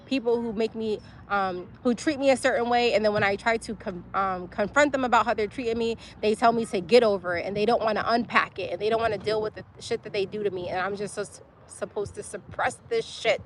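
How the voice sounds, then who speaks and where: A woman's voice: medium pitch, a little fast, few pauses, slight background noise. A young woman, venting angrily in a profane, emotional personal vlog. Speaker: livestream host.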